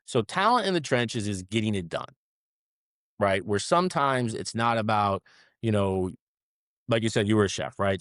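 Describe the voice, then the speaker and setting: Animated man telling stories, tagging "right?". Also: lowish voice, moderate pace, smooth, dry recording, studio quality. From South Florida. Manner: animated storyteller, tags many sentences with "right?". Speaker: restaurant management co-founder, guest. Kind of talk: conversational interview.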